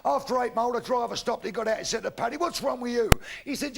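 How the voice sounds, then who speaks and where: A man's voice: very high-pitched, fast talker, gravelly, hardly any pauses, very noisy. A middle-aged man doing a crude, punchy live stand-up comedy routine with plenty of swearing. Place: stage before a live audience. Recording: live show with crowd laughter.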